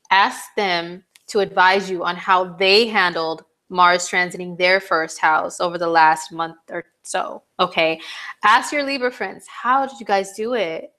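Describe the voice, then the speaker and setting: A woman's voice: medium pitch, fairly bright tone. A woman astrologer giving a casual, chatty forecast, talking loosely with many fillers and acting out little quoted exchanges. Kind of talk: casual live-stream forecast talk.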